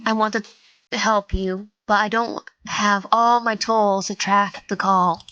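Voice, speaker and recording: A woman voicing an earnest man on a video call, speaking slowly and calmly. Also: medium pitch, no room sound, dull audio.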